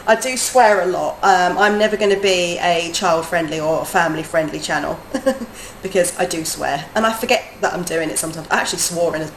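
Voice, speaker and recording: A woman who teaches adults, chatting casually on a game live stream, talking in a chatty way, laughing often and drifting from soft to lively. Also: fairly low pitch, brisk. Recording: roomy echo, faint background noise.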